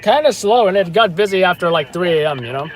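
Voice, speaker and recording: A man's voice: high voice, animated, fast. A man hosting a live news stream, chatting casually in a rambling, hesitant way with lots of fillers.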